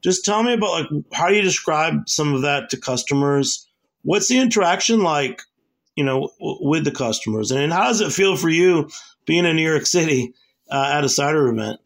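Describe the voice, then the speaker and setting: Gravelly, upbeat man hosting a chat. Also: fairly high pitch, animated, moderate pace. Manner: eager, stumbling over questions. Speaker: host, event organizer. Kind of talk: casual interview talk.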